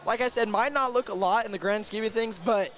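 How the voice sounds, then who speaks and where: A young man calling a high school basketball game play by play, getting excited and shouting on big plays. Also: a little fast. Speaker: play-by-play announcer. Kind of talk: sports commentary. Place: school gym. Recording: gym crowd and music behind.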